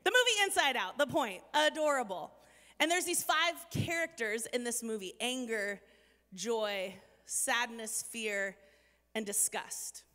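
Chatty bright-voiced woman in an echoey hall. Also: on the high side, lively intonation, a little slow. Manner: chatty and earnest, frequent "like", self-deprecating asides. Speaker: speaker addressing an audience. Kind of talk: inspirational talk to a live audience.

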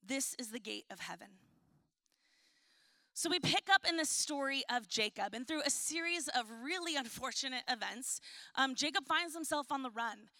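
A woman pastor delivers a sermon in a high, bright voice. The sound is close and dry. She tells stories with humor and reads scripture in a soft, slow tone. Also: animated, no echo. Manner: storytelling with laughs and acted-out quotes; reads scripture softly and slowly.

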